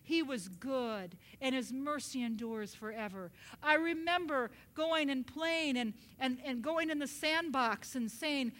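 A woman preaching a sermon in an earnest, animated way, sometimes dropping to soft whispered prayer. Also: sits high, unhurried, few pauses.

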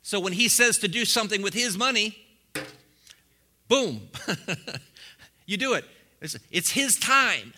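Man, pastor, sermon, very bright voice, fairly high pitch, fiery bursts, chuckles often. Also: lively intonation, slow, pauses often, a little hiss or hum. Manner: preaching with rising bursts and chuckles.

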